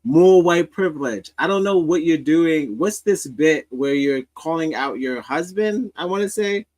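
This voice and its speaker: Sardonic man with a higher voice. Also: expressive, a little slow, darkish tone, rough recording. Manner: rambling and sardonic, with many restarts. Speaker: host of a commentary stream. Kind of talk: casual commentary on social media clips.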